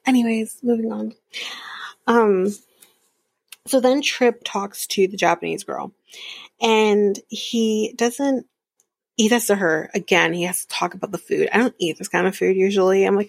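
This woman hosts a podcast where she recaps a reality show, chatting candidly, laughing often and slipping into whispered asides. Her mid-range voice is unhurried with some vocal fry, and the recording is dry.

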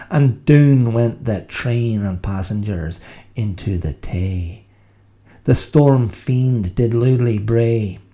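A mock-solemn reciter of a grim old ballad, as a man puts on a Scottish accent, drawing the lines out in a slow, low drawl. The voice is gravelly and dark, declaimed with heavy ceremony. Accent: put-on Scottish. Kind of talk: dramatic poem reading.

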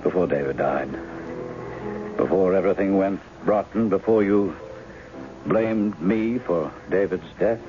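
A man's voice: deep voice, measured pace, long pauses. An actor in his forties playing a charming writer who poses as a woman's lost husband, breezy and teasing, in 1970s radio drama style. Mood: somber. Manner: teasing, breezy, later rueful. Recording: dull old radio broadcast with music.

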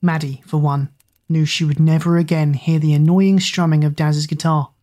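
A woman narrating an audiobook in a steady, expressive storytelling manner. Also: low voice, normal speed.

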